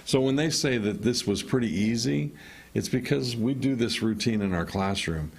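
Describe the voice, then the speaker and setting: A man's voice: mid-range voice, moderate pace, creaky, breathy edge. A man, a teacher and team coach, explaining at length as a radio interview guest.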